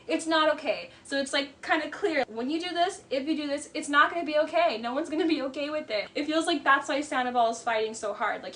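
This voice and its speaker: Brief: high-pitched woman, casual reality-TV recap, blunt and chatty, soft noise behind. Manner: chatty, blunt, says "like" a lot. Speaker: reality TV commentator. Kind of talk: casual commentary.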